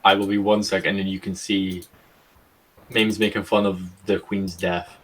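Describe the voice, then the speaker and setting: A man's voice: sits low, level tone, moderate pace, fairly bright tone. A young British man hosting a podcast, chatting casually over a voice call, rambling, swearing and laughing easily. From Britain. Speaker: podcast host.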